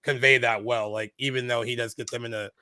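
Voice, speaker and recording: A man's voice: medium pitch, fairly quick, over a noisy crowd. A man co-hosting a casual movie podcast, retelling scenes with lots of fillers and acted-out quotes. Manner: animated retelling, acts out lines in quoted voices. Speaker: podcast co-host.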